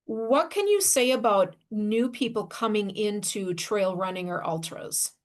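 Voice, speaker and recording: A woman podcast host telling a self-deprecating story about her first trail race in a lively, conversational way. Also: mid-range voice, a little slow. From Wisconsin, USA. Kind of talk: casual storytelling.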